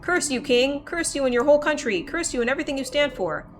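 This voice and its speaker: A woman's voice: sits high, lively intonation, fast, music in the background. Woman voicing a frantic young hero. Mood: furious. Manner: frantic, pleading. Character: desperate young traveler hero.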